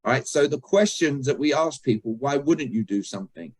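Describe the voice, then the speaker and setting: Brisk and animated at a medium pitch, a British man runs an online communication workshop by video call, joking around and quizzing his audience. There's no echo, though the recording quality is rough.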